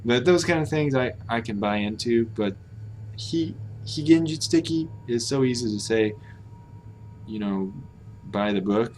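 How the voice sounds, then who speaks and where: A man's voice: mid-range voice, lively intonation, unhurried, a little mellow, slight background noise. An American man hosting a language-learning live stream, thinking aloud in a hesitant, self-correcting way. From United States. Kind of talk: casual live-stream commentary.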